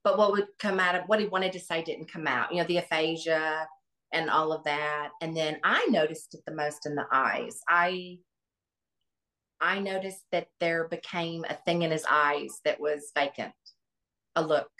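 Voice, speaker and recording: A middle-aged woman with a slightly low voice talks as an interview guest. She recalls family memories earnestly and reflectively. She often breaks off and starts her sentences again. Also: fairly even intonation, normal speed, bright, forceful tone. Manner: earnest, reflective, many restarts. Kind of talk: interview, personal recollection.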